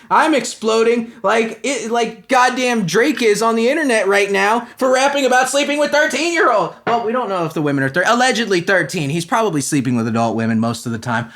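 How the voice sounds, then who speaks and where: A man hosting a comedy podcast, ranting in a profane, agitated way and swinging between shouting and muttering. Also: very high voice. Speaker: podcast host.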